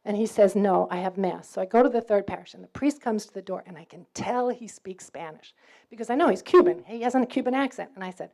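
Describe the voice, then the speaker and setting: A middle-aged woman from New York, with a faded New York accent, telling a personal faith story to students in a lively way, acting out dialogue and laughing often. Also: medium pitch, fast. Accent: New York, mostly faded. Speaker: campus speaker.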